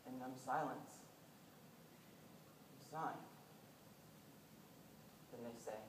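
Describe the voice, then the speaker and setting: A young man performing a dramatic monologue on stage, intense, dropping to hushed tones and rising to urgent ones. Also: mid-range voice, very slow, pauses often. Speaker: student performer. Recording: echoey hall, mic far off, faint room hum.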